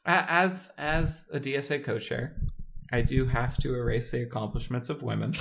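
A man's voice: medium pitch, normal speed, vocal fry, a bit bright. A man guessing quotes on a casual podcast, stammering and joking as he goes. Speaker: podcast guest and quiz contestant.

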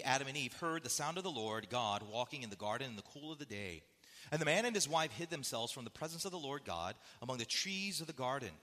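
A man's voice: medium pitch, pushed and bright, long reverb tail. A man preaching a sermon, building emphasis with rhetorical questions and reading scripture aloud. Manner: emphatic, rising and falling delivery with rhetorical questions. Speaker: pastor.

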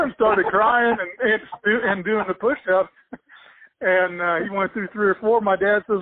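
Older man with a halting, rambling delivery. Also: high-pitched, dry recording. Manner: halting and rambling, many restarts, chuckles as he tells. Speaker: interviewee, former swimmer and coach. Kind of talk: casual spoken recollection. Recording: tinny phone-like dry sound.

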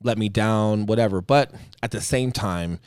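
A man's voice: lowish voice, normal speed, clean tone, dry recording, clean studio sound. A middle-aged man and Marine veteran telling a story in casual chat, swearing a lot and acting out what others said. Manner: profane, animated, acts out quotes. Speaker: Marine veteran and podcast guest.

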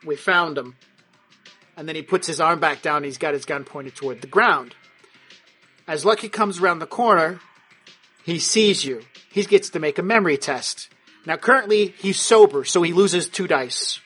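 A man's voice: fairly high pitch, normal speed, fairly bright tone, slightly rough, faint music behind. A man narrating a tabletop game as game master, in a crude, vivid way.

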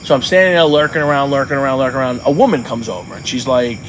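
A man's voice: medium pitch, very fast. A man co-hosting a casual podcast, his voice sitting in an ordinary middle register. He rambles through stories, packed with fillers and easy swearing. A faint hiss of noise sits under the recording. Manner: rambling, loose storytelling full of fillers and swearing. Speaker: podcast co-host. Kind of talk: casual chat.

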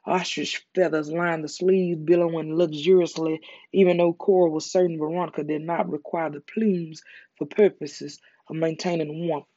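An ASMR storyteller with a Southern US accent, calm and soothing, reading a story slowly to a close mic. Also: mid-range voice, dry recording. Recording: dull lo-fi recording.

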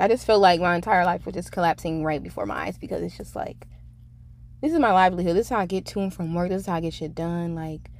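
Casual young woman podcast host. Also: lowish voice. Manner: rambling and candid, many fillers, frank swearing. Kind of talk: casual solo podcast monologue.

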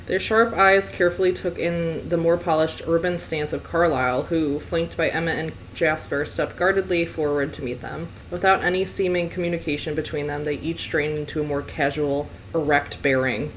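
A woman's voice: deep voice, fairly even intonation, normal speed, slight background noise, rough recording. A young woman co-hosting a podcast, reading a novel aloud and breaking off to joke and laugh. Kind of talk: casual read-aloud podcast.

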